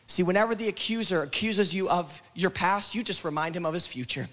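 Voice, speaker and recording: High-voiced passionate preacher man. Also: fairly quick, few pauses, pushed and bright. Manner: passionate, repetitive preaching cadence. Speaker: pastor. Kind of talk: sermon. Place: church service.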